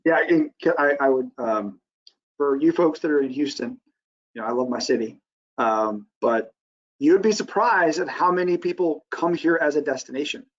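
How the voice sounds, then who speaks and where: A man speaking in a webinar discussion, casual and halting with restarts. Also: on the high side. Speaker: director of lending. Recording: dull lo-fi webinar audio.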